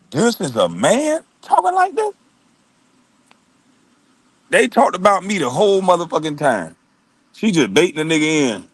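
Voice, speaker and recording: A man rants to his stream in a loose, profane monologue, his pitch swinging widely as he mocks people and laughs at them. The sound is dry and close. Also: no echo. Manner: loud, laughing, mocking impressions of others. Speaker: live streamer.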